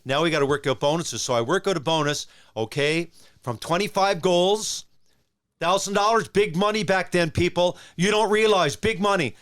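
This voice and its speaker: A man's voice: high-pitched, normal speed. Rambling older man telling hockey stories. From Newfoundland, Canada. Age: 60s. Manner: rambling, animated, lots of restarts. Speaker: guest, former hockey player. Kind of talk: casual storytelling.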